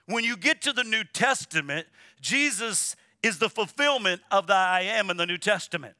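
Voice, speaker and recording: Man, pastor, sermon, high voice, emphatic preaching, dry close sound. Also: animated, normal speed, bright, forceful tone, dry recording. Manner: emphatic preaching, repeats words, asks congregation to respond. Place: church sanctuary.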